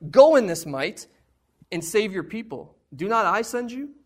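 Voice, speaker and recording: A man preaching, voicing God as a calm male authority who speaks reassuringly and insistently to Gideon. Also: high-pitched, measured pace, pitched above the performer's own voice, exaggerated voice.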